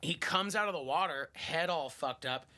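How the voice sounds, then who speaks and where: A man's voice: on the high side, normal speed, bright, forceful tone. A man hosting a podcast, telling a story in a casual, profane way, laughing and acting out other people's lines. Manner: acts out quotes in shifting voices. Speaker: podcast host.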